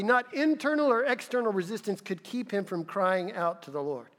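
A man's voice: high-pitched, normal speed, fairly bright tone, long reverb tail. A male pastor preaching a sermon in an earnest manner that rises to emphatic peaks.

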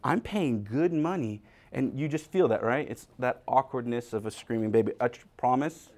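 A man's voice: mid-range voice, a little fast. A male pastor giving a humorous, conversational sermon, acting out little scenes and talking straight to his congregation. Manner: animated storyteller, acting out scenes; talks directly to the congregation.

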